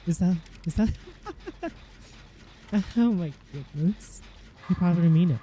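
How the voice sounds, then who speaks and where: A young woman chats on stream in a low, dark, mellow voice that bounces up and down a lot. She talks in an unhurried way and breaks into giggles of disbelief. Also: lively intonation, a little hiss or hum. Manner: giggly, incredulous reactions. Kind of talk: casual chat.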